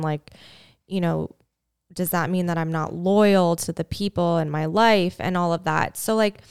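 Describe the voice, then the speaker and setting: A woman's voice: lowish voice, clean tone, no room sound, clean studio sound. A woman co-hosting a podcast, asking rambling questions with many fillers and hesitations. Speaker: podcast co-host. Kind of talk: casual conversation.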